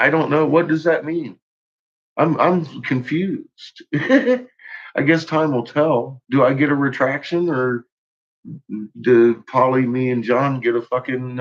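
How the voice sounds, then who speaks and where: A man's voice: mid-range voice, highs cut off. A man livestreaming to his chat in a profane, rambling rant, laughing often. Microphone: own microphone.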